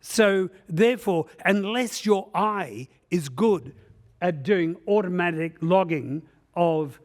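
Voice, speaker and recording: A man's voice: sits high, takes it slowly. A man giving a conference presentation, joking and rambling with many "uh" fillers. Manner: humorous, rambling storyteller with frequent "uh" fillers. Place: conference session room.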